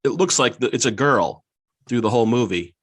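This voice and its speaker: A man's voice: medium pitch, expressive, brisk, no room sound. A man guest on a podcast, rambling casually about a movie, filling nearly every phrase with "like" and laughing easily. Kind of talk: casual chat.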